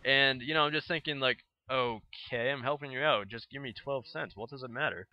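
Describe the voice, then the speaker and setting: A man's voice: mid-range voice, brisk, bright, forceful tone, no room sound, highs cut off. A young man casually telling a rambling story over gameplay footage, full of fillers and acted-out quotes. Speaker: gaming video host.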